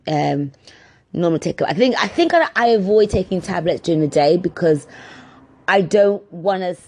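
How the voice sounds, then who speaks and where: A woman's voice: lowish voice, lively intonation, normal speed, darkish tone. A woman vlogging, telling everyday stories in a chatty, exasperated way and swearing freely. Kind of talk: casual ranting storytime.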